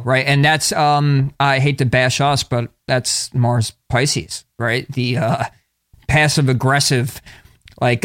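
A man's voice: mid-range voice, measured pace, no room sound. Rambling male podcast co-host, dry sound. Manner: relaxed, rambling, many fillers. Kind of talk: casual chat.

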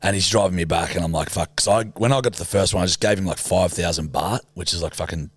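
A young Australian man, a podcast co-host, telling a sweary, animated story in casual chat. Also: low-pitched, fast talker, husky, no echo.

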